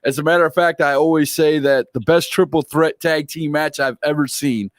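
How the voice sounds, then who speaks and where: A man's voice: a little high, moderate pace, no echo, clean studio sound. A man hosting a casual interview, telling stories animatedly and acting out quoted voices. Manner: animated storyteller, acts out quoted voices with laughs. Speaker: interview host.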